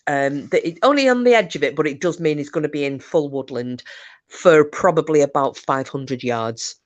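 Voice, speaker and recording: A woman voicing a blunt, commanding man who leads a hunt and swears freely. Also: deep voice. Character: gruff British man leading a hunt.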